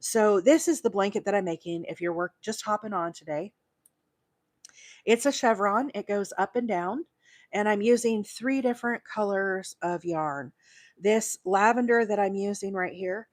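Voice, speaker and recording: A woman's voice: medium pitch, dry recording, studio quality. A woman hosting a live crochet stream, chatting with many fillers and counting stitches aloud as she works. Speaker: crochet host.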